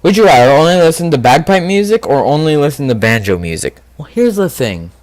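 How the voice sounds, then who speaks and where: A man's voice: fairly high pitch, very animated, fairly quick, no room sound. Man rambling through a quiz game. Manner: rambling, thinking aloud with fillers. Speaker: gaming video host. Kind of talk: casual commentary on a quiz game.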